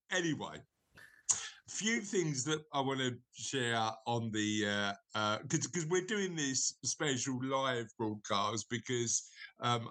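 A man hosting a casual podcast, his voice bright and forward. He rambles, restarts his sentences and keeps slipping in jokes. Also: mid-range voice. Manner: rambling, self-correcting, jokey. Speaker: podcast host. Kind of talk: casual chat.

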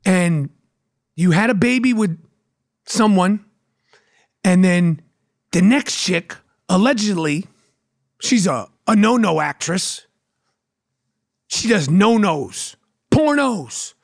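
A middle-aged man with a New York accent hosts a podcast, delivering a brash, profane, mocking solo rant. His voice is high and expressive, and he takes it slowly with long pauses.

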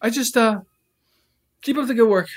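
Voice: mid-range voice, normal speed, close to an everyday voice. A performer voicing an evasive male store boss who hesitates, repeats himself and trails off. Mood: awkward.

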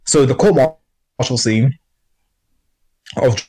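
A man's voice: medium pitch, slow, a little mellow, breathy edge. A man co-hosting a casual podcast discussion, talking in a rambling way with many fillers and restarts. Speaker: podcast co-host.

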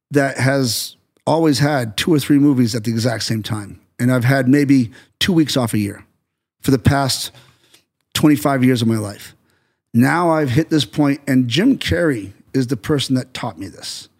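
A man's voice: medium pitch, normal speed, gravelly. A middle-aged American man, a stuntman turned director, telling stories in a casual podcast chat and acting out quotes. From United States. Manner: animated storyteller, acts out quotes.

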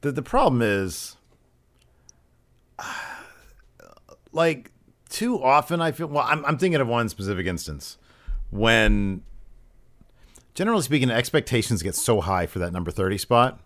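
A man co-hosting a wrestling podcast, chatting casually and lively, often acting out what people said. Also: mid-range voice, a little slow, pauses often. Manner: animated, acts out quotes in put-on voices. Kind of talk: casual chat recapping wrestling.

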